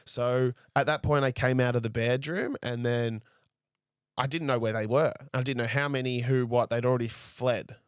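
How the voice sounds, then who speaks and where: Rambling young man, smooth voice. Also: mid-range voice, fairly even intonation, normal speed, dry recording, clean studio sound. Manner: rambling, frequent "like" and "I was like". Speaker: guest. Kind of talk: casual storytelling in a podcast interview.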